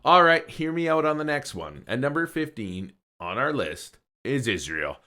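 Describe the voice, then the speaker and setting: Joking male host with a lively voice. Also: medium pitch, normal speed. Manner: jokey, playful asides. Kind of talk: joking countdown narration.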